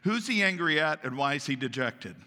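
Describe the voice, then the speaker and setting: A man preaching a lively, folksy sermon and slipping into character voices. His voice sits high and sounds very bright and forceful. A long reverb trails after each phrase, as if it fills a large space. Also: fairly quick. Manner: animated, folksy, acts out voices. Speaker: pastor.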